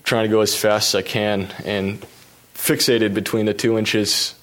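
A man with a low voice recounts a crash-filled day of racing as a professional cyclist. He tells it in a relaxed, self-deprecating storytelling manner and drops in fillers. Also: a little slow. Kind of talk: storytelling a personal anecdote.

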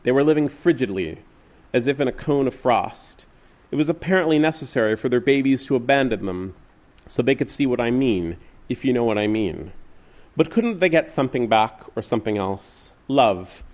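A man reading literary fiction aloud in a measured, wistful way. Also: mid-range voice, animated, a little mellow. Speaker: reader.

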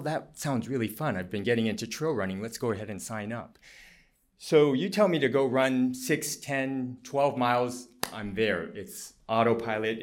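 A man with a lowish voice gives a presentation as a physician. He explains things earnestly, pausing on fillers as he goes. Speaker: physician giving a talk. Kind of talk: presentation talk.

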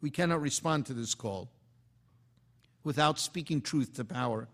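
A man delivering a formal, impassioned speech, rising in emphasis on key words and dropping quietly at the ends of phrases. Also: medium pitch, moderate pace. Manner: impassioned, oratorical cadence. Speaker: speaker.

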